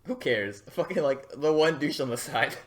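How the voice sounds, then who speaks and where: A man's voice: a little high, expressive, normal speed. Blunt, cursing man in casual chat. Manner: blunt, profane, laughs often. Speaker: podcast co-host. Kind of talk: casual chat about anime.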